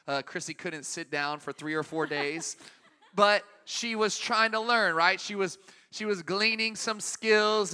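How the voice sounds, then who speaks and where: A man in his thirties preaching a sermon, telling an anecdote in a relaxed way and laughing at his own story. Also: on the high side, clear, resonant tone, in a large hall.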